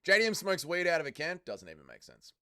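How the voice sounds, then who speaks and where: A male livestream host with a smooth, clear voice that sits a little high for a man. He chats casually through a watch-along, reading out viewer comments and firing back crude, swearing banter. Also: huge pitch swings, fast, sharp tone. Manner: casual, swears freely, calls people mate. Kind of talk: casual live-stream watch-along chat.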